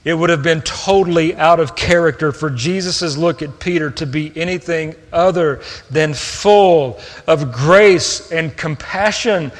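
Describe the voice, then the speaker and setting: A man preaching a sermon, earnest, moving between hushed tender passages and raised emphatic ones. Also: on the high side, measured pace, hardly any pauses. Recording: long reverb of a hall.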